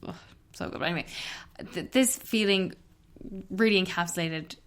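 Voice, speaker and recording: A woman with a slightly low voice co-hosts a casual book club podcast. She talks in a candid, chatty way and swears freely. Street traffic drifts in through an open window behind her. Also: normal speed, fairly bright tone. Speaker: podcast co-host.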